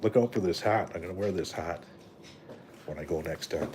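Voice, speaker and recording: There's background noise as this middle-aged man from Canada talks fairly quickly in a low voice. He's hosting a live stream, chatting in a loose, profane ramble full of fillers and tagged "right?"s.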